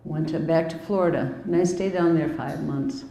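A woman's voice: deep voice, moderate pace, warm tone, reverberant, low-quality recording. A woman in her fifties from the US Midwest, candidly telling her recovery story in a conversational way with wry asides. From Milwaukee, US Midwest. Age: 50s. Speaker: recovery speaker. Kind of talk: personal recovery testimony.

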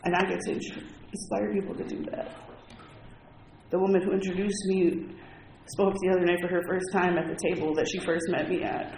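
A man's voice: high-pitched, flat delivery, fairly quick, creaky, a little mellow. A man speaking candidly and from the heart as he tells his recovery story to a group in a meeting room. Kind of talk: personal testimony to a group. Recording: echoey, noisy room recording.

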